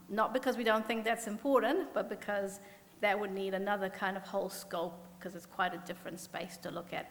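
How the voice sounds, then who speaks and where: A woman's voice: mid-range voice, fairly bright tone. A woman with a New Zealand accent, an economist giving a conference talk, earnest and self-deprecating, with many fillers and restarts. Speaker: symposium panel speaker, economist. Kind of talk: conference presentation. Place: conference hall. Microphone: podium mic. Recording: long reverb from a hall.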